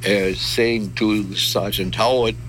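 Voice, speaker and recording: An older man from Germany, interviewed about his past, speaking in a measured way with pauses. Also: fairly low pitch, fairly even intonation, a bit bright, a little hiss or hum. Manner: measured, pausing with "uh". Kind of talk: recalled wartime testimony.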